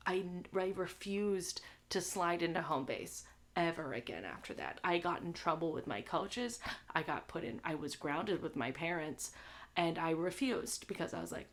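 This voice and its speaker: A young woman with a low, expressive voice hosts a live movie stream at normal speed. Her chat with the audience is casual and crude, and she tags her lines with "all right?"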